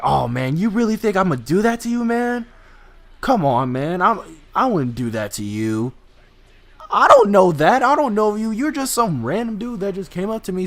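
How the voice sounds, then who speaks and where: Young man rambling through a storytime. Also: medium pitch. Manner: rambling, profane, many restarts and fillers. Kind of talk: casual storytime.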